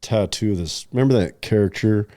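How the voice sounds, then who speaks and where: A man's voice: fairly low pitch, fast, warm tone, dry recording, studio quality. A middle-aged man telling a personal story in casual podcast chat, rambling with many fillers and restarts, sometimes choked up. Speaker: podcast co-host.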